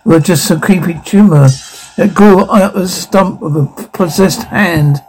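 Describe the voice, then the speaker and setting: A man's voice: high-pitched, normal speed, a little mellow, breathy edge, soft background music, rough recording. A man voicing a disgusted, snapping young woman.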